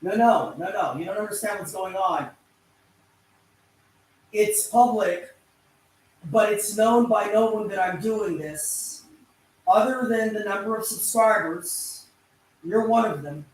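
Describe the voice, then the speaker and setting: A man with a high voice speaks slowly, leaving long pauses, in a self-narrated YouTube vlog where he argues off camera. He keeps repeating words, pleading again and again, and using grandiose language. The mic is distant, so the sound is roomy.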